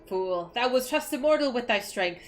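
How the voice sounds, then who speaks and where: A woman reading aloud as a vengeful ancient male dragon who speaks in archaic words, slow and solemn. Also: a little high, expressive, soft background music, lightly acted, low-quality recording. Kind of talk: reading cutscene lines aloud on stream.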